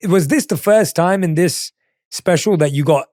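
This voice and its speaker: Earnest podcast host man, slightly high. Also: normal speed, darkish tone, no echo, clean studio sound. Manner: earnest, reflective, many fillers like 'like'. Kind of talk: interview conversation. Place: podcast studio.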